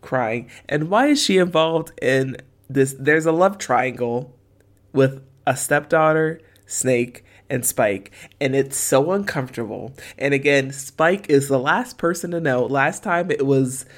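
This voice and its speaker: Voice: medium pitch, a little slow. Podcast co-host, casual and exasperated, laughs often. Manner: giggly, exasperated. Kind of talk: casual recap chat.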